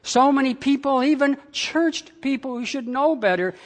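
A pastor preaching a sermon with slow, emphatic phrasing and big swings in pitch and loudness, speaking in a church. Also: long reverb tail.

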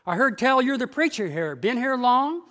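A man's voice: very high-pitched, sing-song, moderate pace, fairly bright tone, big-room sound, voice pushed up, heavily acted. A pastor voicing a drunk, argumentative older farmhand who insists he does not believe. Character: drunk middle-aged male farmhand, gruff atheist.

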